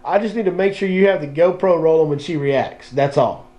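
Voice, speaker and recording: A man hosting a casual fishing podcast, excitable and laughing a lot. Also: fairly high pitch, fairly quick. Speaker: podcast host. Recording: dull lo-fi podcast audio.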